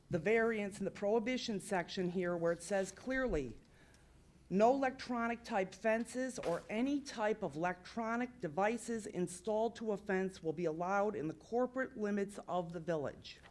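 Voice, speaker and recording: At public comment during a village council meeting, a woman speaks in a medium-pitched voice, a little slowly. She's upset and insistent, apologizing for her emotion while still pressing her complaint.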